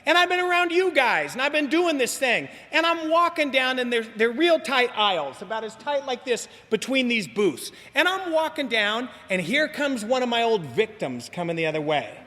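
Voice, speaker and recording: Man, very high voice for a man, animated slangy storyteller, recovery meeting talk, long echo of a big hall. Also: normal speed, few pauses.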